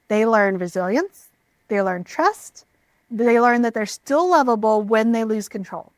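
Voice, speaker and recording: Calm woman giving parenting advice. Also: fairly high pitch, no room sound. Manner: calm, measured, reassuring delivery. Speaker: parenting educator.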